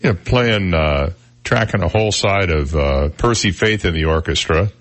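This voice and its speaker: A man in his sixties with a deep baritone voice, hosting a morning radio talk show and telling stories at a relaxed pace with plenty of fillers. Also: normal speed. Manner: relaxed storytelling with frequent fillers. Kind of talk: casual morning radio chat. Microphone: studio broadcast mic.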